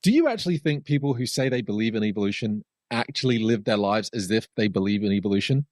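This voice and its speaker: A man's voice: on the low side, expressive, quick pace, a little mellow, dry recording, studio quality. A man interviewing a guest in a played clip, asking questions eagerly.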